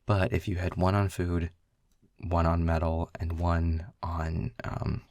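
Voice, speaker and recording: A man's voice: sits low, little pitch movement, slow, a little mellow, no echo. A young man in a casual boyfriend role-play, rambling through game rules with lots of filler words. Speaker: audio role-play creator.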